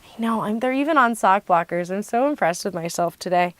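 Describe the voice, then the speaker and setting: A woman hosting a craft podcast in casual chat, bubbly and excitable. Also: medium pitch, brisk, dry recording. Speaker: podcast host.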